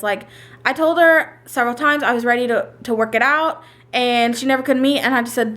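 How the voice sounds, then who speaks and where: A young woman recounts a story to her vlog audience in a high, light voice. She talks casually and chattily, often stopping on "like" as she replays the conversations. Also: a little fast, fairly bright tone. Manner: chatty, retells quotes in many "like" asides. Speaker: storyteller vlogger.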